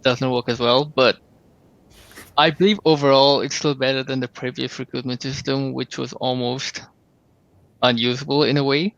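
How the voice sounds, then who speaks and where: A man's voice: medium pitch, moderate pace, creaky, muffled recording. A man moderating a live community Q&A on a voice chat, reading out the questions and keeping things moving. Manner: steady, reads out questions and keeps things moving. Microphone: computer mic over online voice chat.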